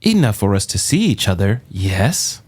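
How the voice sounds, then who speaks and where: A man's voice: lowish voice, very animated, normal speed, darkish tone, breathy edge. A man reading an audiobook, voicing an old female gorgon who coaxes in a purring, soothing tone. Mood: sweetly coaxing. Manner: purring, coaxing.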